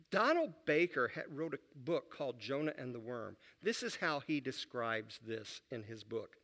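A man's voice: mid-range voice, very animated, normal speed, few pauses, pushed and bright. A middle-aged man teaching a conversational Bible lesson in a folksy, self-deprecating way.

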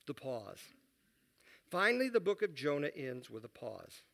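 Middle-aged male Bible teacher, folksy and self-deprecating, high bright voice. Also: very animated, a little fast, gravelly. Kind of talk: conversational Bible lesson.

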